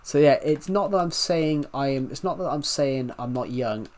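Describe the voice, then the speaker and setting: A man's voice: fairly high pitch, moderate pace, darkish tone. A man hosting a casual game livestream, rambling and chatting directly to his viewers. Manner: rambling, chatty, talking to chat. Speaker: game streamer.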